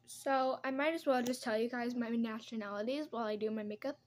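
A woman's voice: fairly high pitch, steady tone, brisk, darkish tone. A young woman chatting casually as she does her makeup at home, rambling from one topic to the next. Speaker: vlogger. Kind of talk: casual get-ready-with-me chat.

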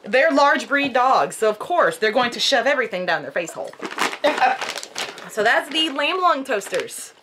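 A woman vlogging a casual unboxing at home, chatty and excitable, cooing at her dogs. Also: fairly high pitch, normal speed, noisy background.

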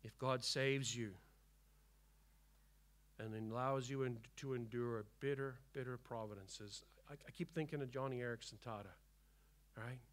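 A man preaching a sermon as pastor, emphatic and repetitive, dropping to hushed tones and rising again. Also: mid-range voice. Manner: emphatic preaching, swinging between hushed and loud; repeats key phrases for emphasis. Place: church.

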